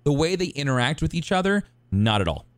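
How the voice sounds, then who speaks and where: A man chats casually as a podcast co-host, excitable and rambling, tripping over his own restarts. His pitch swings widely as he talks. The sound is close and dry. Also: fairly quick, no room sound. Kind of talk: casual chat.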